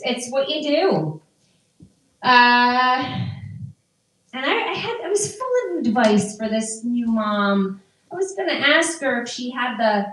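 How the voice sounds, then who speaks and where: A middle-aged woman doing a stand-up comedy set before a live audience, delivering dry, deadpan one-liners. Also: high voice. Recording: echoey room from far off.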